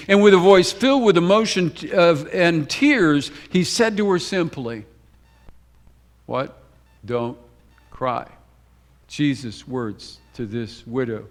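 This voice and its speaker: A man preaching a sermon to his congregation, telling gospel stories with quick emphatic runs and sudden slow, hushed lines. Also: high-pitched. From United States. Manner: storytelling preacher, swings between brisk emphatic runs and slow hushed phrases; repeats words for emphasis, addresses the congregation directly. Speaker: pastor. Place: church sanctuary.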